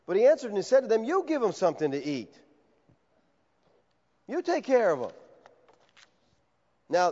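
Animated preacher in a reverberant hall. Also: male voice, high voice, moderate pace, pauses often. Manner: animated, conversational, acts out quoted voices. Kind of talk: expository sermon. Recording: dull sound with long hall reverb.

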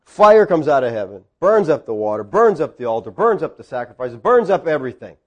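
A man preaching a sermon, telling a story with swings between quiet asides and loud peaks. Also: on the high side, sing-song, fairly quick, lo-fi sound. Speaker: pastor.

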